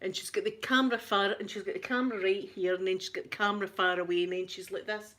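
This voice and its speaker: A middle-aged woman with a Scottish accent, hosting a casual live chat, chatty and quick to laugh, often repeating herself. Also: mid-range voice, fairly even intonation, fairly bright tone. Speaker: livestream host.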